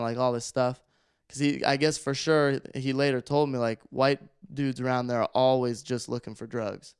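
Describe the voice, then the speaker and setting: A man on a podcast telling a story in a loose, animated way, full of filler words. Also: medium pitch, normal speed, clear, resonant tone, no room sound, clean studio sound. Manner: animated, rambling, heavy use of filler words. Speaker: podcast guest. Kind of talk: casual storytelling.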